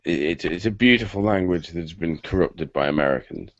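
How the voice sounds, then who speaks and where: A man's voice: low voice, a little fast, dry recording. A British man hosting a casual online hangout chat, talking in a stop-start, rambling way with many restarts. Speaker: host. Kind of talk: casual video-call chat. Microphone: computer mic on a video call. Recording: muffled lo-fi call audio.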